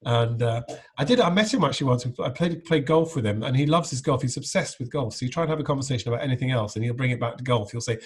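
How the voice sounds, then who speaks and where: Brief: middle-aged male guest, mid-pitched and husky, casual anecdotal chat full of restarts. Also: rapid-fire, hardly any pauses. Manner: rambling anecdotes, frequent restarts. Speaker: guest, impressionist.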